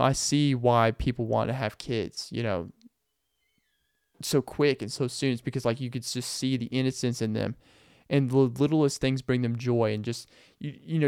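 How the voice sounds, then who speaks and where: A young man hosting a podcast, telling rambling, animated stories in a casual monologue and laughing often. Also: mid-range voice, clear, resonant tone, no echo, studio quality. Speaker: podcast host.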